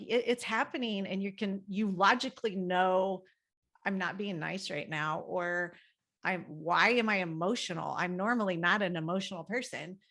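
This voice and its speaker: A woman's voice: mid-range voice, a bit bright. A middle-aged woman counselor telling a personal story in a candid, rambling way, with many fillers and laughs. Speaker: guest family counselor. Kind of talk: casual podcast conversation.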